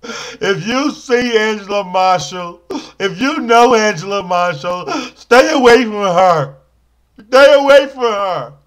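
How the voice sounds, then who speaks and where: A man's voice: high-pitched, slow pace, fairly bright tone. A man playing a battered, self-pitying can scavenger in a comic monologue to camera, pleading in a whiny, melodramatic way. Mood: lamenting.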